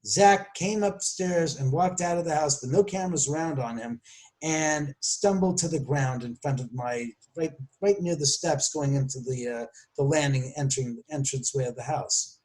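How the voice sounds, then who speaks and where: A man telling a story as a podcast guest, animated and acting out the voices he quotes, often restarting and correcting himself. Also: a little high, moderate pace. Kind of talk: storytelling interview.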